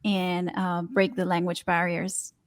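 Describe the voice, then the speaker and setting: A woman with an Argentine Spanish accent, a native Spanish speaker, answering interview questions as a Spanish teacher in a measured, clear way. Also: fairly low pitch, completely flat delivery.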